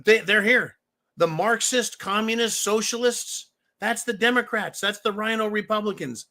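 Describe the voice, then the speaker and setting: A rowdy, cursing man in his fifties hosts a live stream with a sharp, forceful edge to his voice. He rambles through jokes and old stories. His pitch sits a touch above most men's. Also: slow. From California. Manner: boisterous, profane and joking, reading donations aloud. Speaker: livestream host. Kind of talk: casual live-stream chat.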